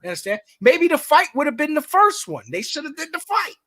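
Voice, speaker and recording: A man with a Brooklyn accent co-hosting a podcast in casual chat, profane, with loud outbursts and drawn-out emphasis. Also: very high-pitched, very animated. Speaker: podcast co-host.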